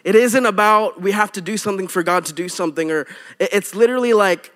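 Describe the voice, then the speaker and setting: Male pastor, young adult, high-pitched, animated and conversational from the pulpit. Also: moderate pace. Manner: animated, conversational preaching with asides. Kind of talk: sermon.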